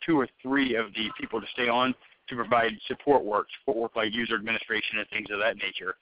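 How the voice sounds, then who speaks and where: A man's voice: fairly low pitch, flat delivery, quick pace, dry recording. Rambling man interviewing over the phone. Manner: loose, rambling, many fillers and restarts. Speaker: hiring manager interviewing a candidate. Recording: muffled phone-call audio.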